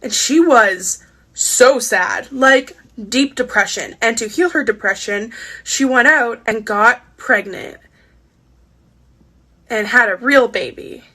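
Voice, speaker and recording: A woman telling a casual anecdote with wry, deadpan punchlines. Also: a little high, slow. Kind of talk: casual storytime.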